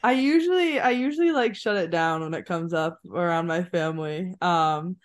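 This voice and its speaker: Young woman, athlete guest, relaxed chatty interview voice, low register, many fillers. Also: moderate pace. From Maine, USA. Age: 20s. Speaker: college basketball player, guest. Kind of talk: casual interview chat.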